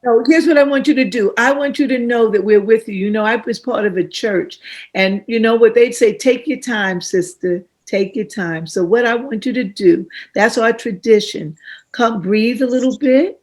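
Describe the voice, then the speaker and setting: Woman, moderator, somewhat high voice, churchy encouragement, video call. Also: moderate pace, a little mellow, low-quality recording. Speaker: panel moderator. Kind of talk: online panel discussion.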